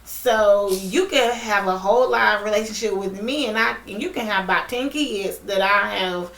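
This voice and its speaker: A woman's voice: mid-range voice, moderate pace, fairly bright tone, reverberant. Playful, giggly woman co-host. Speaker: podcast co-host. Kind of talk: casual podcast chat.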